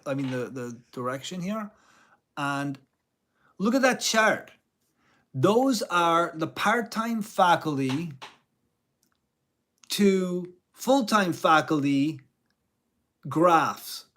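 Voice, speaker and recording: Slow-talking man with a high voice. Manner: rambling, with many restarts and mild euphemistic cursing. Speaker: part-time music teacher and guitar channel host. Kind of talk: casual commentary vlog.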